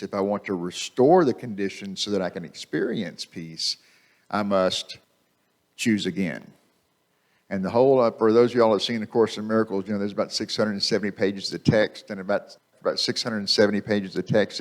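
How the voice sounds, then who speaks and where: A man giving a conversational sermon in a church, repeating phrases for emphasis and speaking into a microphone. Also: on the low side. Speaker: guest speaker. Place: church sanctuary.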